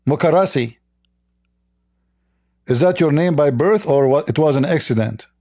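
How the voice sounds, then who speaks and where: A man's voice: a little high, moderate pace, dark tone. Mocking, combative man hosting a call-in debate. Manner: mocking, combative, laughs at callers. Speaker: host of a call-in debate stream. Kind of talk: live call-in religious debate.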